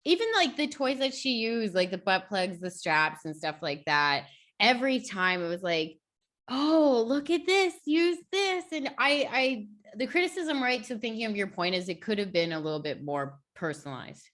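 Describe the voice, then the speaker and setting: A woman's voice: medium pitch, lively intonation, moderate pace, a bit bright. A woman speaking candidly and bluntly as a podcast guest in casual chat, swearing casually.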